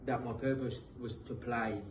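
A man's voice: mid-range voice, steady tone, normal speed. An earnest British man in his thirties tells his football story in a loose, conversational way, restarting phrases as he goes. He sits a little back from the mic in an echoey room with a faint hiss behind him. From England. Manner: earnest, motivational, frequent restarts. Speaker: guest, professional footballer. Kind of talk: casual interview storytelling. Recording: roomy echo, distant mic, faint noise.

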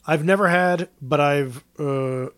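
High-voiced jokey podcast co-host. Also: male voice, slow pace, fairly bright tone. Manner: jokey, rambling, with frequent fillers. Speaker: podcast co-host presenting the drink. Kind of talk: casual chat.

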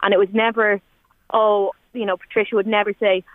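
A woman's voice: mid-range voice, level tone, brisk, dry recording. Young irish woman on a phone line. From Ireland. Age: 20s. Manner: chatty, rambling with many fillers and restarts. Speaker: guest. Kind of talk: emotional radio phone-in chat. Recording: tinny phone line, dry.

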